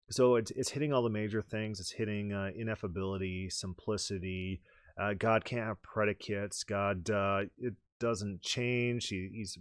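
A man's voice: on the low side, no room sound, clean studio sound. A man hosting a teaching podcast, explaining ideas and reading quoted texts aloud with rising emphasis. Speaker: podcast host. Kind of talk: teaching podcast talk with read-aloud quotations.

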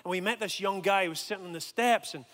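High-voiced man preaching in a hall. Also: fast. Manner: animated, acts out voices in his story. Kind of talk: storytelling sermon. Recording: long hall reverb.

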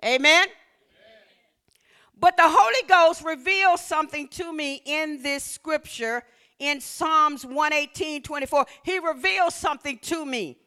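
A woman with a high voice preaches at a measured pace, trading call-and-response with her congregation. She slips into sing-song scripture reading and builds up to shouts.

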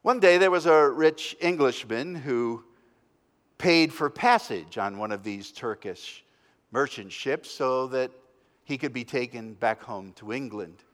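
A male pastor preaching a sermon as a story, dramatic, swinging between loud and hushed. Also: mid-range voice, unhurried, big-room sound. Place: church.

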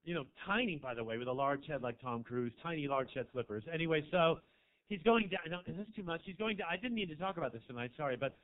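Fairly high-pitched, animated and fast, with hardly any pauses, this Marin County, California comic rambles through a story in a crude, camp stand-up set. The small-club recording sounds tinny and phone-like, and he throws asides to the crowd.

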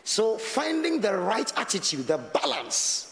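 A man's voice: sits high, wildly swooping pitch, a little slow, fairly bright tone, long reverb tail. A man with a Ghanaian accent preaching a sermon as pastor, talking conversationally and mixing Twi with English.

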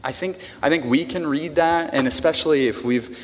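This pastor's voice sits on the high side and moves at a normal speed as he preaches to a church congregation. His style is conversational, full of repeated words and questions for the listeners, and the recording carries long large-room reverb plus slight hiss or hum.

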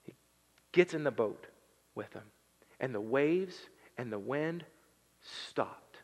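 A pastor giving a sermon in a conversational style, dropping to hushed tones and rising to emphatic bursts. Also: male voice, medium pitch, expressive, slow. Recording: long hall reverb.

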